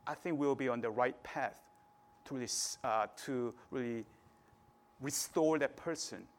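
A man's voice: mid-range voice, measured pace. A man preaching a sermon in a conversational way, often checking in with the listeners. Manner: conversational preaching, frequent "right?" tags.

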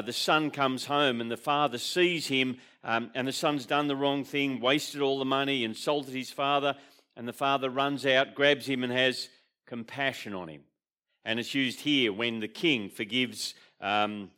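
A man's voice: mid-range voice, sharp tone. A man preaching a sermon with an Australian accent, explaining in a conversational way and often asking the congregation questions. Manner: explains terms with fillers and restarts. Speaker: pastor.

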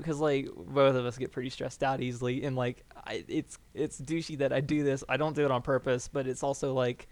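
A young man co-hosting a podcast, telling stories in a rambling, animated way with lots of fillers. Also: mid-range voice, fairly quick, few pauses, dry recording. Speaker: podcast co-host. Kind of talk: casual chat.

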